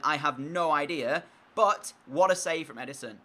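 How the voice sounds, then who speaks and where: A young man giving live commentary over his own video game match, switching between steady play-by-play and loud, frustrated outbursts. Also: fairly high pitch, normal speed. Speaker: gaming YouTuber.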